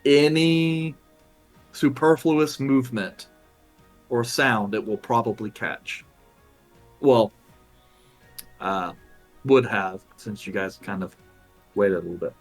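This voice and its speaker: Guy running a tabletop game, slow and halting, lots of ums, soft music behind. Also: mid-range voice. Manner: unhurried, many ums and uhs. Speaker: game master.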